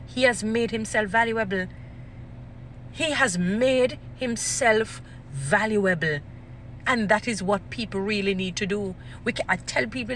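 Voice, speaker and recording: A woman giving casual commentary, animated and emphatic, repeating phrases for stress. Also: mid-range voice, slight background noise.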